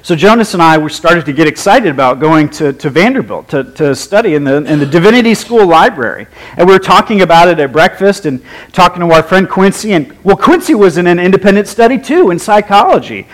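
A man's voice: high voice, animated, brisk, rough recording. A man preaching a sermon, leading a prayer and telling personal stories in a wry, humorous, conversational way.

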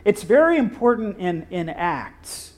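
Guy preaching a sermon, really lively up and down voice, acts out the quotes. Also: sits high. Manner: animated storytelling with acted-out quotes and dramatic pauses. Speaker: pastor.

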